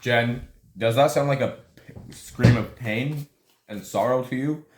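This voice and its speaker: A young man playing a tabletop game, chatting casually and often stumbling over his words. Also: mid-range voice. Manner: halting, stumbling restarts. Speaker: player. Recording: echoey room with faint noise.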